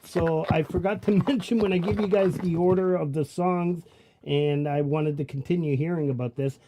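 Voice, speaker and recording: A man with a Canadian Italian accent, hosting a live stream in a joking, casual way and filling his pauses with many ums. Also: on the high side, steady tone, background noise. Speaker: livestream show host.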